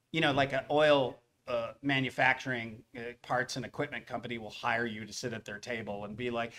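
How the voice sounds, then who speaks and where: A middle-aged man, a voice actor, telling stories to a convention audience in an animated way, acting out the other people's lines. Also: mid-range voice. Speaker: voice actor at a fan convention panel. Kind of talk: anecdotal storytelling to a live audience.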